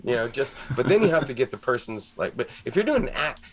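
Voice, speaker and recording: A man's voice: medium pitch, quick pace. A man with an American Midwest accent, telling stories in a casual group chat and laughing often. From United States. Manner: animated storytelling, laughs often. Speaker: guest player.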